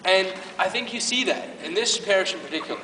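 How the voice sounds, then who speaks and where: A man's voice: sits high, lively intonation, fast talker, sharp tone, a little hiss or hum. A man giving an informal faith talk to a youth group at his parish, earnest and emotional, with many restarts. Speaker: parish youth ministry speaker. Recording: echoey hall from far off.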